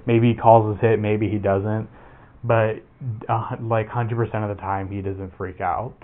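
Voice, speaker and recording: Unhurried and lowish in voice, with little movement in pitch, a man gives a casual airsoft gear demo. It's a rambling, profane run with frequent restarts, captured on tinny, phone-like audio carrying faint noise.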